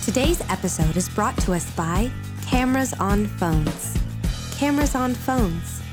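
A man's voice: high voice, animated, measured pace, loud music behind the voice, voice pushed up. A man voicing a mock sponsor announcer in a mock-solemn ad read.

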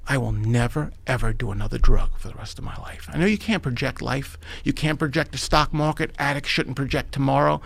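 Gravelly New York man telling his story. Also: medium pitch, a little fast, hardly any pauses. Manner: animated, emphatic, addresses the host by name. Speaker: podcast guest. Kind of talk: storytelling in a conversational interview.

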